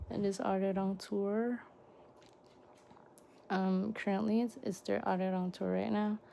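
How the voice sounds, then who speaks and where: Young woman, excitable gushing unboxing chat, unhurried, gravelly fry, faint hiss behind. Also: medium pitch. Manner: gushing, excitable, lots of gasps and exclamations. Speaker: vlogger unboxing fan merchandise.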